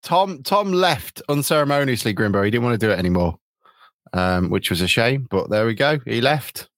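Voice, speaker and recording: A man's voice: medium pitch, lively intonation, moderate pace, a bit bright, no echo. A man from England hosting a casual football podcast over a video call, chatty, with many ums, restarts and laughs. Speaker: podcast host.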